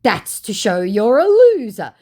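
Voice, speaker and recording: A smug male scammer voiced by a woman drawls his boasts slowly and loudly. His voice sits well above her usual pitch and is full of mocking self-regard. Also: wildly swooping pitch, exaggerated voice.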